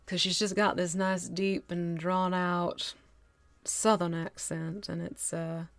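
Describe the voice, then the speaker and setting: Chatty gravelly-voiced New Jersey woman. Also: fairly low pitch, level tone, slow, dry recording, clean studio sound. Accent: northwestern New Jersey. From northwestern New Jersey. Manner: chatty, laughs easily, thinks aloud while working. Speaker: miniature painting streamer. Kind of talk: casual live-stream painting demo.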